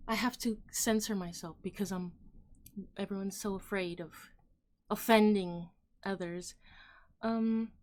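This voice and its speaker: Her voice sits at medium pitch, steady and darkish, with a measured pace and long pauses. She's a livestream host sharing casual opinions, chatting straight to viewers, rambling with plenty of "like" and "um" and letting sentences fade out.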